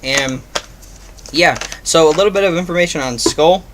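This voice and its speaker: A man's voice: fairly high pitch, moderate pace, a bit bright, a little hiss or hum. A man giving a casual video review, rambling with many ums and uhs. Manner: rambling, filler-heavy, offhand. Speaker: product reviewer.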